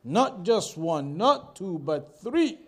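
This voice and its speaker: Man, religious teacher, high-pitched, measured lesson delivery with emphatic repetition. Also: very animated. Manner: measured, repeats phrases for emphasis. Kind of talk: explaining scripture verse by verse.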